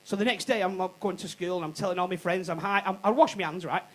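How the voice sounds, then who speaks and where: High-voiced brash comedian. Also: male voice, fast, rough recording. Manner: brash, cheeky and swearing, laughing at his own jokes. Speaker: stand-up comedian. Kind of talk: stand-up comedy routine. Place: comedy club stage.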